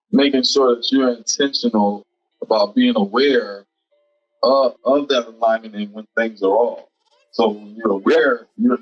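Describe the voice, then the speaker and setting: A man hosting a podcast, calmly summing up his guest's points and cheering him on. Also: medium pitch, dull audio. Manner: reflective, sums up the guest's points and affirms him. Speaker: podcast host. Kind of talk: casual podcast conversation.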